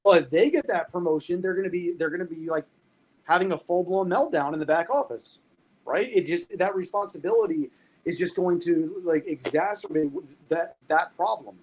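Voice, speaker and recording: A man talks dog training in a loose, animated podcast chat, swearing freely and leaning on everyday comparisons. His voice sits a touch high for a man. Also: moderate pace, a little hiss or hum, rough recording.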